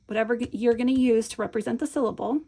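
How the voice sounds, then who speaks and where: Patient woman teacher, gravelly voice. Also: a little high, quick pace, dark tone. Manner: encouraging, patient, checks in with "right?". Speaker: Montessori teacher. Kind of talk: instructional demonstration.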